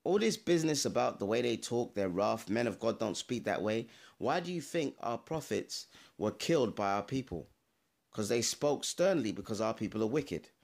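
A man's voice: fairly low pitch, expressive, vocal fry, a little mellow. A man giving an informal, emphatic Bible teaching to camera, speaking straight to his viewers and reading out references. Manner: emphatic, addresses viewers directly, pauses to check sources. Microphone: camera mic, adjusting camera while talking.

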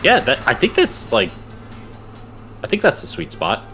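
Bright, animated goofy man. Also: mid-range voice, moderate pace, faint music behind. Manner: goofy, helpful, bursts into silly shouts. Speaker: co-host helping with the stream. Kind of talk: casual gameplay stream chat.

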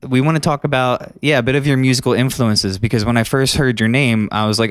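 A man's voice: medium pitch, steady tone, fast, smooth, no echo. A man hosting a casual studio interview, teasing and joking with his guest. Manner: jokey, teasing, self-deprecating. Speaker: interviewer, host.

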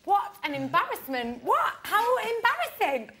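A woman's voice: very high-pitched, very animated, normal speed, pushed and bright, slight background noise. A woman in a reality show house, ranting late at night with heavy swearing and laughing through her words. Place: shared house bedroom at night.

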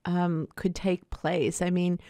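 A woman hosting an interview, asking measured, thoughtful questions with pauses and fillers. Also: fairly low pitch, flat delivery, mellow, smooth, no echo, clean studio sound. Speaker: interview host.

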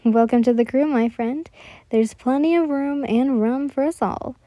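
A woman's voice: high-pitched, moderate pace, no room sound, clean studio sound, close to an everyday voice. Woman doing a hollering, hearty pirate woman. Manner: hollering, loud. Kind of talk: storybook reading.

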